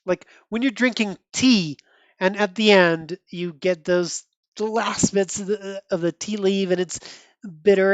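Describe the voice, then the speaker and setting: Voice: medium pitch, dry recording. A podcast host in their thirties or older giving casual, rambling commentary on a comic book. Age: 30s or older. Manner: chatty, rambling, frequent restarts and laughs.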